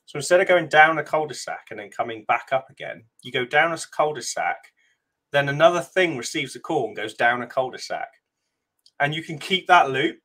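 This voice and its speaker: A man's voice: fairly high pitch, animated, brisk, sharp tone. A man with a British accent on a coding call, asking wry questions and explaining technical ideas at length. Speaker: co-host developer. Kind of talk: casual technical chat.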